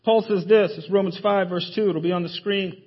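Husky high-voiced male preacher. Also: fairly even intonation, brisk, dull audio. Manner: emphatic, rhetorical questions, drops to near-whispers for stress. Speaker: pastor. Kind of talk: sermon. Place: church sanctuary.

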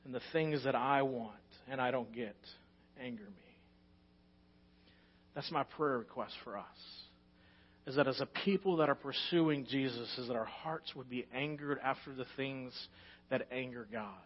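A man's voice: mid-range voice, slightly rough, lo-fi sound. A man with a Texan accent, a pastor preaching a sermon, telling stories with rising energy and then settling into earnest teaching. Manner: animated storytelling, rising loud and fast in anecdotes.

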